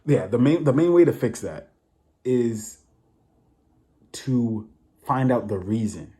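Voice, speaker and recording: A man's voice: medium pitch, animated, takes it slowly, mellow. A man talking casually to camera, giving blunt opinions with a lot of repetition and rhetorical asides. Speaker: vlogger.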